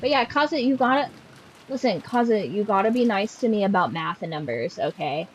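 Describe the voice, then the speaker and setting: A woman's voice: mid-range voice, animated, fairly quick, dull audio, a little hiss or hum. A woman streaming a game, chatting casually with sarcastic, profane jokes.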